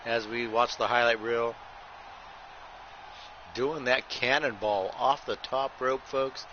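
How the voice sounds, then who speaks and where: A man hosting a game stream, calling the action in wrestling-announcer patter and saying "folks" constantly. His voice sits at an ordinary pitch and gets loud when a big move lands. The audio is muffled, with a clear hiss of background noise. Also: slow. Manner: announcer patter, says "folks" nearly every line; excitable shouts at big moves. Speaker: host and play-by-play commentator. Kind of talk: wrestling play-by-play over a video game.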